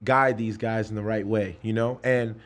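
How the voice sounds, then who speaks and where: A man's voice: on the low side, steady tone, moderate pace. A man in his thirties from New York, a guest in a casual podcast chat, telling stories animatedly and acting out voices. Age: 30s. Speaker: guest, pro fighter.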